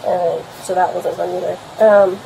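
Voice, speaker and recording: A woman's voice: on the low side, little pitch movement, normal speed, vocal fry, dark tone, slight background noise, rough recording. A young woman giving a statement to police about an argument, rambling and swearing with many fillers, recorded on a body camera at a home. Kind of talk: recounting an argument to an officer.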